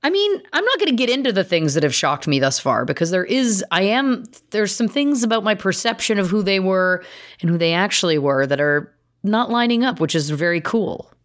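Woman podcast co-host, very lively voice, giggly and playful, casual chat. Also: medium pitch, a little fast.

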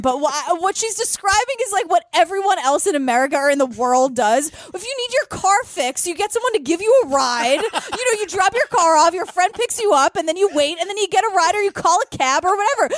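A woman from Queens, hosting a podcast and telling stories in an animated, mocking, laughing way. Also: very high voice, no room sound. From Queens, New York. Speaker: podcast host. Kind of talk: casual comedic chat.

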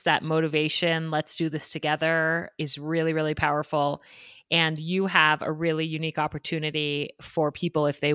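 A woman's voice: low voice, fairly bright tone, dry recording. A woman hosting a podcast, chatty and encouraging, with a dry sarcastic streak. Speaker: podcast host. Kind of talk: casual podcast interview.

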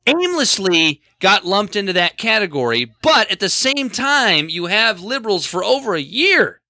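A man co-hosting a podcast, talking in casual, animated and exasperated bursts about politics. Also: high-pitched, moderate pace, hardly any pauses, dry recording, clean studio sound. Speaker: podcast co-host.

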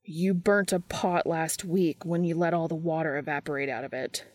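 A woman's voice: deep voice, fairly even intonation, normal speed, no echo, studio quality. Dean, a woman voicing a wry teasing young man.

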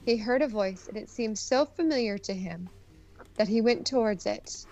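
A woman podcast co-host reading a fairy tale aloud and chatting, animated and teasing. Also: medium pitch, moderate pace, muffled recording. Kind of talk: casual chat and storybook narration.

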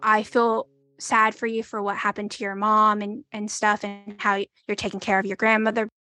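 A woman's voice: mid-range voice, little pitch movement, moderate pace, bright, forceful tone, soft background music. A woman in her twenties telling her story in an interview, hesitant, full of "like" and acting out what people said. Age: 20s. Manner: hesitant, fills with "like" and acts out quoted dialogue. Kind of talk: conversational storytelling.

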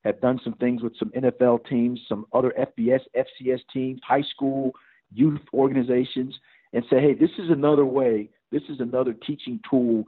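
A man's voice: mid-range voice, fairly even intonation, a little fast, slightly rough. A middle-aged man, a head football coach, talking in a rambling way full of restarts and fillers. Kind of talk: podcast interview over phone. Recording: tinny phone line.

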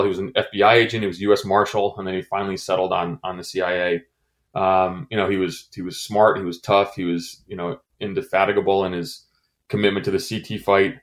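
A middle-aged man with a very low, deep voice speaks in an interview. He talks haltingly, full of fillers and restarts, with emotion close under the surface. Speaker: former intelligence station chief. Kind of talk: interview, personal recollection.

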